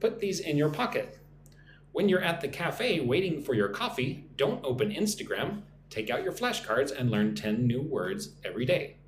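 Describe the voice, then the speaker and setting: A man's voice: medium pitch, big pitch swings, normal speed, roomy sound, a little hiss or hum. A man teaching English vocabulary on a live stream, reading out viewer comments and drilling pronunciation, often tagging "right?". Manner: reads viewer comments aloud and greets them. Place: room in Vietnam.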